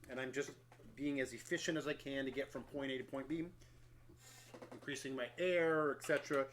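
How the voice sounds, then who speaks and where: A man's voice: medium pitch, fairly bright tone, slight background noise. A middle-aged brass player casually walking through his daily practice routine, candid and self-deprecating, thinking aloud with small restarts. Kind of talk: casual instructional talk.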